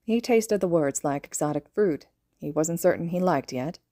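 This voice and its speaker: A woman reads a fan-written story aloud in calm, even narration. Her voice is low and mellow, and the close mic keeps it dry with no room sound. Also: normal speed, no room sound. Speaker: fan audiobook reader. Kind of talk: scripted narration.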